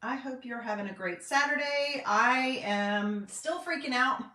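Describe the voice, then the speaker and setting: A middle-aged North Carolina woman with a Southern accent, a craft vlogger and independent designer, chats casually on a live stream from her home craft room, peppering her talk with fillers and folksy asides. Her voice is high and sharp, her pace measured. The room echoes and she sounds a bit distant.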